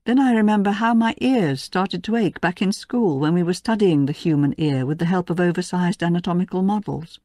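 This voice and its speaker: A woman reading a first-person audiobook in a measured, even storytelling manner. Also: on the low side, dry recording. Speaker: audiobook narrator. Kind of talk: scripted first-person narration.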